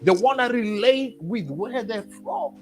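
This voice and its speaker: High-voiced Kenyan man telling stories. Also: animated, measured pace, faint music behind. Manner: storytelling, acts out quoted dialogue, emphatic. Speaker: panelist. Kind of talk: casual livestream discussion.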